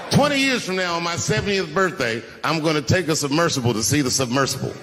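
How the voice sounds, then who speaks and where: A man in his forties doing a stand-up comedy set, telling stories and dropping his voice low for quoted lines. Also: expressive, quick pace, hardly any pauses, background noise. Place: large live venue. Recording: echoey large venue with loud ambience.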